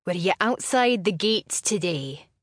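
A woman's voice: on the low side, animated, unhurried, no echo, studio quality. A woman voicing a weary, reproving older brother in a storybook reading. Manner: hushed, reproving. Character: weary, cautious older brother, a laird's heir.

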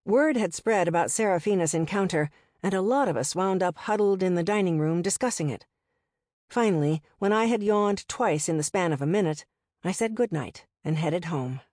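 Woman narrator, lower voice, dry close mic, first-person audiobook reading. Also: expressive, normal speed, darkish tone, no room sound.

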